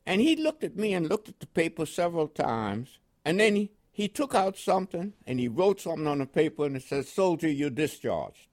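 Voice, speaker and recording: A man's voice: high-pitched, brisk, few pauses. An older man from Panama with a New York accent tinged with West Indian inflections, recounting his army years in an oral history interview and laughing now and then. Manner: animated storyteller with laughs and quoted dialogue. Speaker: interviewee, veteran.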